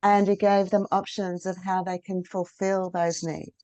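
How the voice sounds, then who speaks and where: A woman's voice: mid-range voice, level tone, unhurried, dark tone, dry recording. A woman co-hosting a podcast interview, responding in an enthusiastic, affirming way. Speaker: podcast co-host.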